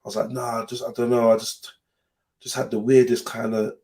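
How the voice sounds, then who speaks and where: A man's voice: medium pitch, brisk. A young man, telling a personal story in casual podcast chat, swearing freely and acting out the voices of the people in it. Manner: animated, swears freely, acts out voices in his stories. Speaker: podcast host.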